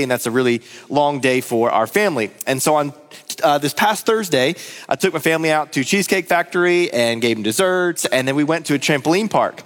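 A man in his thirties, a pastor giving a conversational sermon to his church and telling stories. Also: a little high. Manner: storytelling, lively and conversational. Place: church hall. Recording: long hall reverb.

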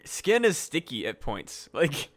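A man's voice: fairly high pitch, wildly swooping pitch, takes it slowly, fairly bright tone. A young man co-hosting a casual comedy podcast, riffing loosely and swearing as he builds on his co-host's jokes. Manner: profane, riffing, calls the other host dude. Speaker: podcast co-host.

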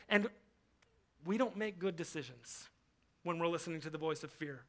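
Preaching from the front of a church hall, a young adult male pastor speaks in a voice that's high for a man, at a moderate pace. He stays animated the whole time, acting out other people's voices and repeating words to stress his points.

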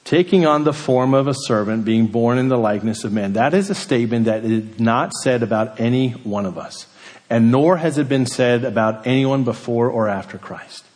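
A man preaching a sermon, building emphasis on key words and then dropping to a quiet hush. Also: medium pitch, normal speed, long reverb tail. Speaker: pastor.

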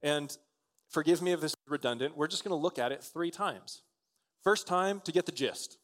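Conversational male preacher, slightly high voice. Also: normal speed, fairly bright tone. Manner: conversational, frequent restarts and "right?" asides. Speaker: pastor. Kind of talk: sermon.

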